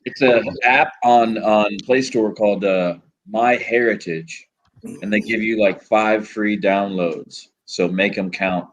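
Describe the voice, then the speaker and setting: Profane, rambling male storyteller, low voice. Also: fairly even intonation, takes it slowly, a little hiss or hum, low-quality recording. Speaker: host. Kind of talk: casual storytelling chat.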